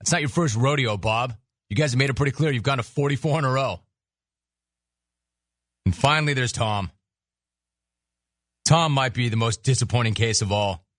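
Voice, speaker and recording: A man's voice: medium pitch, fairly bright tone, no echo, clean studio sound. Sarcastic male sports radio host. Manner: sarcastic, mocking, rapid riffs. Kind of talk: sports talk radio monologue.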